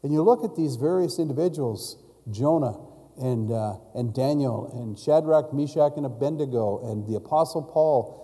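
A man's voice: medium pitch, normal speed, mellow, big-room sound. A man preaching a sermon in a storytelling way, putting questions to his listeners. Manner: storytelling, asks the congregation questions.

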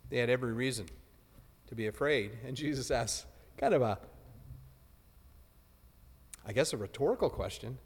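A man's voice: mid-range voice, expressive, moderate pace, long pauses, slightly rough. Chatty preacher man in a reverberant hall. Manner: conversational, with joking asides. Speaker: pastor. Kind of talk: sermon.

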